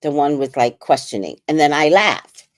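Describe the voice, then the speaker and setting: A woman's voice: low voice, moderate pace, no room sound, studio quality. A middle-aged woman casually telling a personal story as a podcast host, laughing and quoting others in put-on voices. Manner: animated, laughing, quotes people in put-on voices.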